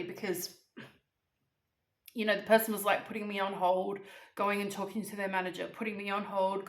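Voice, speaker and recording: A woman vlogger telling a story in a chatty, animated way, a bit teary and emotional. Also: medium pitch. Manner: chatty, animated, laughs, acts out phone calls. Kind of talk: casual storytelling to camera. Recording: echoey room.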